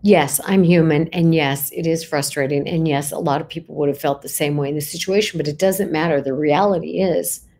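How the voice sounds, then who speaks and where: A woman's voice: low voice, fairly even intonation, a little fast, hardly any pauses, mellow. A middle-aged woman, a psychologist, talking reflectively to her audience in a conversational way, often checking in with "right?" and rising sharply for emphasis. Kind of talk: reflective talk to camera.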